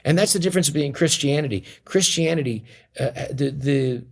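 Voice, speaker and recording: A man's voice: a little high, brisk, creaky, breathy edge. Man telling stories, full of restarts. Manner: rambling, many restarts and fillers. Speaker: comedian guest. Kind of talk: casual interview storytelling.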